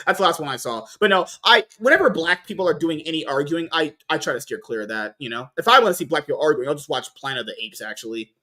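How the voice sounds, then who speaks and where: A man's voice: on the high side, expressive, quick pace, bright, forceful tone. A man hosting a casual podcast, rambling and swearing, often restarting his sentences. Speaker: podcast host.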